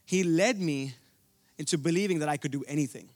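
A man's voice: a little high, a little fast, a little mellow. A young man from India preaching a sermon, telling a personal story earnestly, with frequent restarts.

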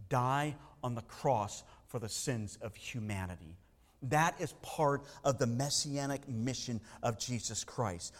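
A man preaching a sermon, animated, swinging between loud emphasis and hushed asides. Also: on the high side. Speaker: pastor. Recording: long hall reverb.

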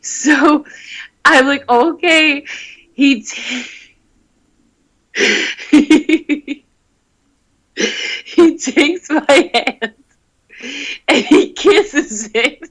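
Bright-voiced young woman telling a story. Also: high voice, very slow, long pauses, poor audio. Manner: animated, laughing, swears freely. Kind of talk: casual chat, storytelling.

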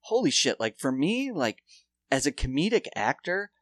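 A man's voice: a little high, big pitch swings, normal speed, no room sound. A man telling rambling, profane stories in a casual chat.

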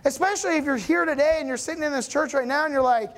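A male pastor giving a relaxed, conversational sermon in a church. He talks like he's chatting with friends, checking in with the congregation and pushing his voice up with emphasis on the big points. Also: very high voice, quick pace. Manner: animated, rising emphasis on key points.

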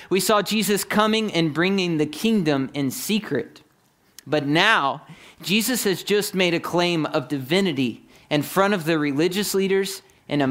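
Earnest male preacher, slightly high voice. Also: a bit bright. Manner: earnest, explanatory, addresses congregation directly. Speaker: pastor. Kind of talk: sermon.

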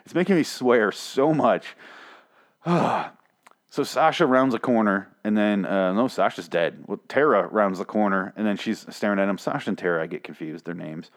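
A man reviewing a TV episode in a fast, profane, exasperated rant that rambles from point to point. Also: on the low side. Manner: speaks quickly.

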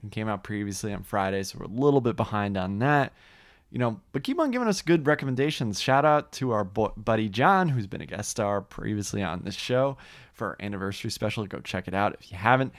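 Chill guy cohosting a podcast, lowish voice, super dry close sound. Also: lively intonation, a little fast, no room sound. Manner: laid-back, laughs often. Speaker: podcast co-host. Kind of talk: casual chat.

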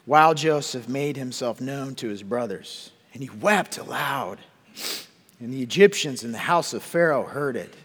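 Preaching man in an echoing hall. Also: a little high. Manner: repeats words, asks the congregation questions. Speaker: pastor. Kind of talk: sermon with scripture reading.

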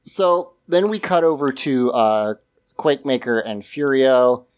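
A man's voice: mid-range voice, lively intonation, a little slow. A man casually recapping a TV episode on a podcast, rambling and laughing often as he talks. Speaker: podcast co-host.

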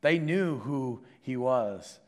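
A man preaching a sermon to a congregation, shifting between loud emphasis and hushed intensity. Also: mid-range voice, lively intonation, slow pace. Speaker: pastor. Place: church sanctuary with congregation. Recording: long hall reverb from a sanctuary.

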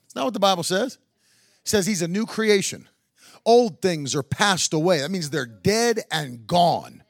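High-voiced, animated preacher man. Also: a little slow, no echo, clean studio sound. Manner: builds to shouted, sing-song climaxes, with woos and hallelujahs; chatty and joking in quieter stretches. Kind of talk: sermon.

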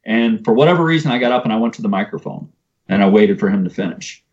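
A man's voice: on the low side, expressive, fast talker, a little mellow. Earnest man telling a personal story. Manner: earnest, conversational, uses "you know" and "man". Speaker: podcast guest. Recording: muffled lo-fi sound.

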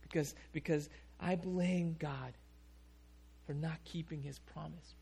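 A man doing the voice of a grieving widow, talking quietly through tears, with a gravelly edge and a fairly high voice. it's retold in a sermon and sounds like the preacher's own voice, not a real character voice. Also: fairly even intonation, slow, full character voice. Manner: quiet, tearful retelling. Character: grieving widow telling her story.

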